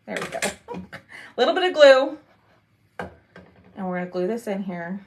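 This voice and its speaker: A woman's voice: mid-range voice, lively intonation, moderate pace, a little hiss or hum. A woman hosting a casual crafting livestream, chatting and greeting viewers by name.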